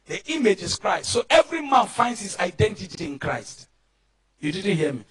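Nigerian male pastor, fervent sermon, very high voice, calls for answers. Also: very animated, moderate pace. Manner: fervent preaching, often shouting and calling for responses.

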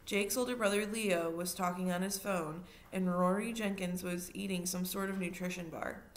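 A woman reading a children's novel aloud in steady narration, now and then adding a short aside to her listeners. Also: lowish voice, moderate pace. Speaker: reader.

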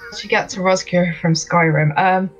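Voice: mid-range voice, steady tone, moderate pace, soft background music. A stream host reading out viewer questions and explaining things at length, with many fillers. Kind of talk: casual stream Q&A. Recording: dull, lo-fi stream audio.

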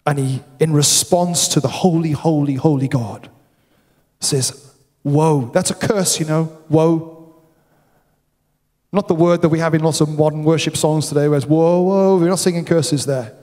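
A man's voice: a little high, normal speed, darkish tone. Preaching man in a reverberant church. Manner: emphatic preaching, repeats words for stress. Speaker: pastor. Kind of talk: sermon. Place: church hall. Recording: long hall reverb.

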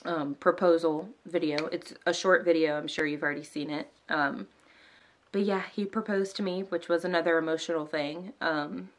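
A woman's voice: low voice, steady tone, moderate pace. A young woman talking casually to camera as a new mother, emotional and close to tears, with lots of "like" and "um" fillers. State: teary.

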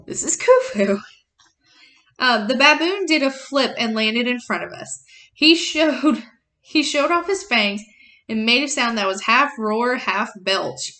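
A woman reading a novel chapter aloud as a teacher, plain and unhurried, correcting herself and adding short explanations. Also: fairly high pitch, sharp tone.

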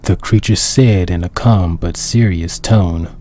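A man reading his own dark pony fan story aloud as the narrator, in a steady, plain storytelling manner. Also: deep voice, measured pace, heavy background noise.

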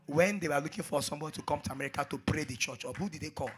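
A man preaching a sermon, repeating phrases and swinging between hushed asides and shouted exhortations. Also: on the high side, rapid-fire, slight background noise.

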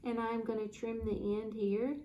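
A woman's voice: fairly high pitch, moderate pace, highs cut off, slight background noise. Upbeat woman hosting a kids' club. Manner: upbeat, kid-friendly, animated. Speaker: librarian hosting a children's club. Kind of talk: reading aloud and craft demo for kids.

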